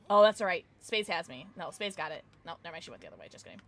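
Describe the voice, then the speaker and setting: A woman's voice: medium pitch, animated, brisk, long pauses. A young woman, streaming a game and chatting casually with her viewers, rambling and swearing as she plays. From Midwestern United States. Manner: chatty, rambling, swears and reads chat aloud. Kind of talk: casual live-stream chat while gaming.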